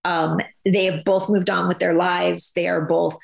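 Rambling, gravelly woman in an echoey room. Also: on the low side, measured pace. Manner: rambling, animated, many restarts and "you know"s. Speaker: soap opera actress guest. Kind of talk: casual interview chat.

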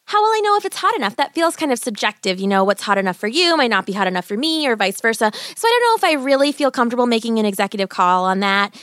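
A woman voicing a clever, chatty young girl in a bedtime story, talking in a quick, bright, rambling way. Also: fairly high pitch, big pitch swings, no room sound, studio quality. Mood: stalling chatter.

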